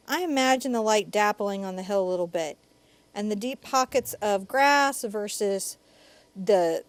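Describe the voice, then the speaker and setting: A woman's voice: a little high, no echo. A woman in her thirties leading a live painting lesson, chatty and playful, talking through each brush stroke. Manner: chatty, playful, bursts of laughter and sing-song asides. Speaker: painting instructor.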